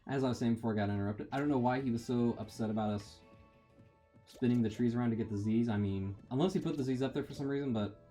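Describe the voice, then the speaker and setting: A man's voice: mid-range voice, fast, mellow. A man giving rambling, self-deprecating commentary while playing a video game. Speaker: gamer. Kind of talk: let's play commentary. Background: faint game music.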